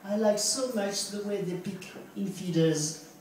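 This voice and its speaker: A woman with a French accent doing a deadpan stand-up routine at a bar open mic, asking the audience questions between punchlines. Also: medium pitch, measured pace, slight background noise. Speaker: stand-up comedian. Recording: echoey bar from far off.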